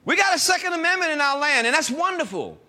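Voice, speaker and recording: In an extremely high pitch, a man preaches an animated sermon, lingering on scripture with slow emphasis and trading call-and-response asides with his congregation.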